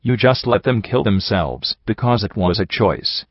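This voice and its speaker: A man's voice: on the low side, expressive, unhurried, no room sound. A man voicing an angry young mare from the wasteland in an audiobook reading, with a furious, accusing manner. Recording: dull lo-fi dry recording.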